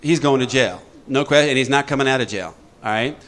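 A man leading a recovery group talk, lively and joking, acting out little voices as he explains. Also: medium pitch, fairly quick. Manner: lively, jokey, acts out voices. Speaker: recovery workshop speaker.

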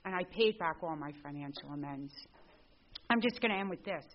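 A middle-aged woman telling her recovery story to a group. She is a lively storyteller who acts out the dialogue. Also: lowish voice, a little fast. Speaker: speaker at a recovery meeting. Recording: dull lo-fi recording.

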